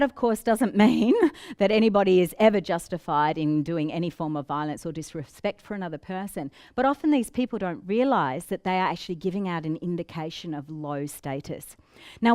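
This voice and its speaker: A woman giving a business training talk, lively and demonstrative, acting out examples with giggles and changes of voice. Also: mid-range voice, dry recording, clean studio sound. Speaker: presenter.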